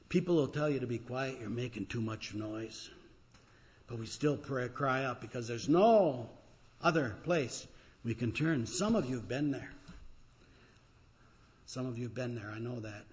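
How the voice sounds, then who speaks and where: A man preaching a sermon with dramatic swings, loud when he cries out and quiet when he reflects. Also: medium pitch, animated, a little slow, long pauses. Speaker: pastor. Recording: dull, lo-fi recording.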